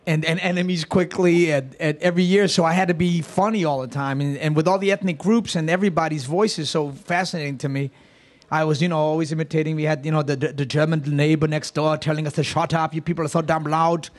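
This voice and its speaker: New guy rambling thru stories, self-mocking, keeps restarting, bit high voice. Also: steady tone, fast talker. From Queens, New York. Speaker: guest, comedic performer. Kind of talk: casual interview talk.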